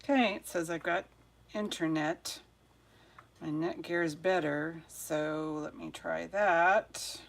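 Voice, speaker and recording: Battling her devices during a live jewelry sale stream, this host chats and mutters to herself, flustered, then greets her viewers one by one. She has a low, gravelly voice, steady in tone and slow in pace.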